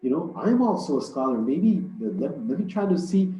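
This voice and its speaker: A man's voice: on the high side, big pitch swings, normal speed, warm tone, a little hiss or hum. A man voicing an eager, curious male scholar who pesters with questions, in a story told during a religious talk. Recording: roomy, dull lo-fi hall recording.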